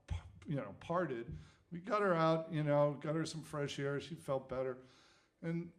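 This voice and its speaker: A man in his sixties from New England, a music executive telling a lively anecdote with chuckles and casual fillers. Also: on the high side. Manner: lively storyteller, chuckles, many "you know" fillers. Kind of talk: storytelling anecdote.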